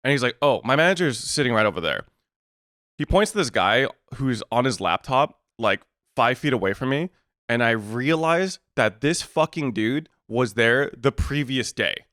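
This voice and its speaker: A man's voice: medium pitch, lively intonation, moderate pace, a bit bright, no echo, clean studio sound. A man co-hosting a podcast, retelling a story in casual chat, acting out both sides of the exchange and swearing in exasperation. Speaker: podcast co-host.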